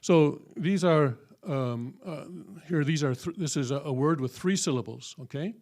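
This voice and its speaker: A man teaching a classroom lesson in a folksy, halting way, often checking with the room. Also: fairly high pitch, a little mellow. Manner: folksy, full of fillers and checking "okay?". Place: church hall.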